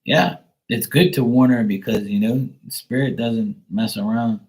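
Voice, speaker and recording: A man hosting a live tarot stream, chatting casually and telling a rambling, animated story, full of "you know" and "like". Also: medium pitch, measured pace, low-quality recording.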